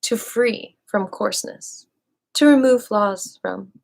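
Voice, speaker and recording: A woman hosts a live video where she reads dictionary entries aloud at an unhurried, deliberate pace. She muses playfully to her viewers between entries and now and then drops to a soft whisper. Her voice sits at an everyday middle pitch. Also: gravelly. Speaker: livestream host reading a dictionary aloud. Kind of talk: live dictionary reading with chatty asides to viewers.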